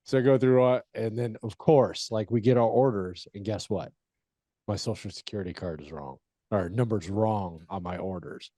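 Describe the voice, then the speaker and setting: Middle-aged male host, dark warm tone, loose rambling delivery. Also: on the low side, normal speed, dry recording. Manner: rambling, many "like" fillers, swears, chuckles. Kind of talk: casual chat.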